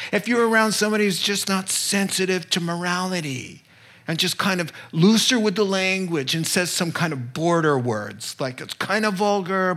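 A pastor from the northeastern United States preaches a conversational sermon from Proverbs. His voice is high, bright, and forceful, and he's candid, often checking in with his listeners.

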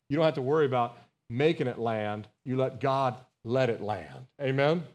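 A male pastor preaches a Bible study sermon at normal speed, his medium-pitched voice animated and a little mellow. Earnest and emphatic, he rises on key phrases, repeats words, restarts phrases, and asks his congregation "Amen?"

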